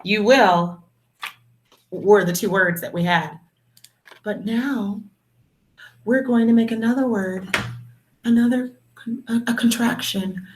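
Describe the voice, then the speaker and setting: A woman teaching a video lesson to young children, speaking in a slow, encouraging, sing-song way and calling them her dears and superstars. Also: fairly high pitch, a little hiss or hum. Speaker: kindergarten teacher.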